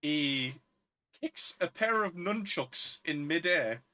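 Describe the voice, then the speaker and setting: A man's voice: on the high side, lively intonation, slow pace, sharp tone. A man, co-hosting a casual film chat in a chatty, opinionated way. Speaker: podcast co-host.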